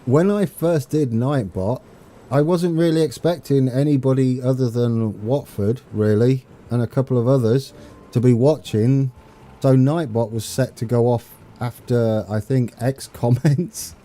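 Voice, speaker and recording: A man's voice: mid-range voice, a little slow, warm tone. A man from the UK chatting casually with viewers on a live stream while playing a train game, rambling and chuckling as he reads chat. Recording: faint game music behind.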